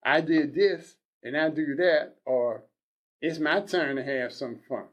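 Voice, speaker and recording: A man in his sixties reading aloud as an older male advice columnist, blunt and earnest, in a measured, preachy delivery. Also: fairly high pitch, a bit bright. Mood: advising. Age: 60s.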